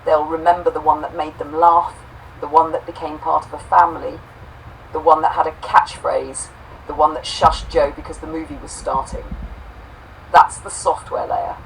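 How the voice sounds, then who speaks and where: A woman co-host reading a homespun robot story aloud, saying the quote marks out loud, then reflecting warmly on it. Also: low-pitched, flat delivery, normal speed, vocal fry, distant mic, a little hiss or hum, low-quality recording. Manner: warm, affectionate, reads quote marks aloud.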